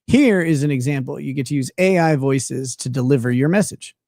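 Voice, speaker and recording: A man's voice: medium pitch, animated, a little fast, darkish tone, no room sound, studio quality. A man hosting a livestream in casual chat, blunt and profane, laughing often. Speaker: livestream host.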